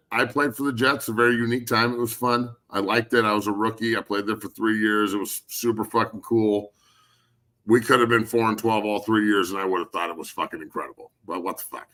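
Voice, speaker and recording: A man who is a former football player, hosting a casual sports talk show and speaking in a blunt, animated way with heavy swearing. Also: on the low side, brisk.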